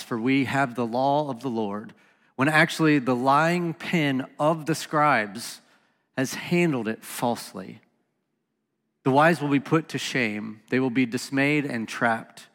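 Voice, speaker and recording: A man's voice: medium pitch, fairly bright tone, in a large hall. A man hosting a reflective Bible study talk, reading scripture passages aloud in an earnest voice with casual asides. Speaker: podcast host teaching on scripture.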